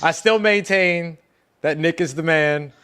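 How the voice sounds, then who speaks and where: A man's voice: fairly high pitch, a little slow, bright, forceful tone, clean tone. Laid-back man guesting on a podcast. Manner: laid-back, grateful and friendly. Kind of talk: casual chat.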